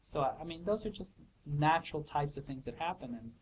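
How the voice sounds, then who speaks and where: A man's voice: a little high, brisk, rough recording. Man, professor, casual academic explanation, hesitant restarts, faint background noise. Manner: thoughtful, hesitant, many restarts and fillers. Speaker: professor answering student questions. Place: office hour recording.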